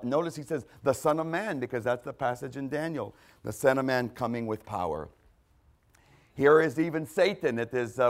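Emphatic male preacher, fairly high voice. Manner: emphatic, quoting scripture with rising intensity. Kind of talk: sermon.

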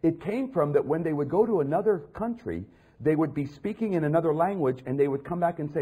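A man preaching a sermon, reading scripture and mocking other voices, building to loud peaks. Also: a little high, expressive, quick pace, slightly rough.

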